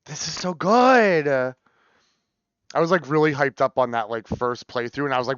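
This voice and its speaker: A young man streaming live, chatting casually and gushing with sudden shrieks of excitement. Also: medium pitch, normal speed, no room sound. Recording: slightly dull, dry sound.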